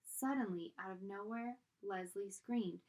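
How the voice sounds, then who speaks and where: A woman reading a children's book aloud as storyteller, in an expressive, animated way. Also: medium pitch, unhurried.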